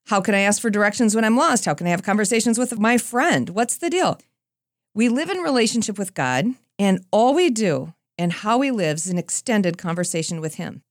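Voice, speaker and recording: Animated woman telling a faith story. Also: mid-range voice, no echo, clean studio sound. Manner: animated, self-deprecating storyteller; conversational with playful asides. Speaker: Christian speaker. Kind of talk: personal storytelling talk.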